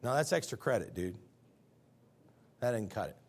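Guy preaching a sermon, husky voice, pitch all over the place, folksy and loud then hushed. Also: sing-song, moderate pace. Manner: emphatic preaching with sudden swings between loud and hushed; folksy, conversational asides to the congregation. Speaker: pastor.

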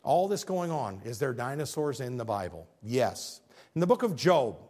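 A man giving an animated faith talk over slides, asking rhetorical questions and pressing his points with emphasis, now and then stumbling over his words. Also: mid-range voice, moderate pace. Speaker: speaker presenting slides.

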